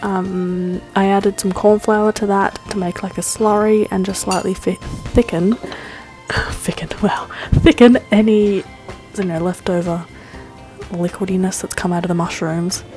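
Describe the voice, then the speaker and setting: A woman's voice: medium pitch, little pitch movement, unhurried, darkish tone, faint music behind. A woman hosting a vlog, first narrating a film essay, then chatting enthusiastically through a recipe with fillers and laughs. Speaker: vlog host.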